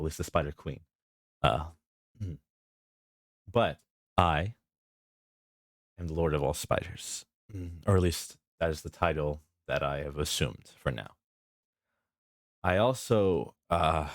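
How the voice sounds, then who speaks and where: With a rumbling low voice and no room sound at all, a young vtuber banters casually on a live stream. He keeps breaking into laughter and introduces himself in a playfully grandiose way.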